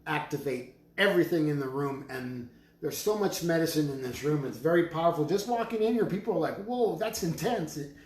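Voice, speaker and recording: A man making drums, talking slowly with prayerful, emphatic declarations and chanted words as he presents his drums in his studio. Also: fairly high pitch, expressive. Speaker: drum maker selling drums on a live stream. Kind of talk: live sales stream with spiritual talk. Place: studio full of drums and rattles. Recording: roomy studio with faint noise.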